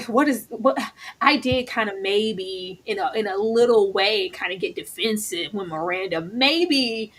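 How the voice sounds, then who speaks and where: Woman, husky voice, lively swooping pitch, casual live recap chat. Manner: animated, jumps into high squeaky voices when quoting. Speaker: co-host reviewing a TV episode.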